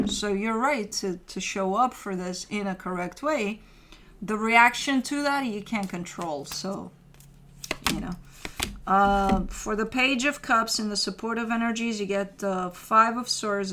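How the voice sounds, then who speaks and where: Her mid-range voice a bit bright, this tarot reader keeps things casual, swearing at times as she addresses the listener directly throughout the reading.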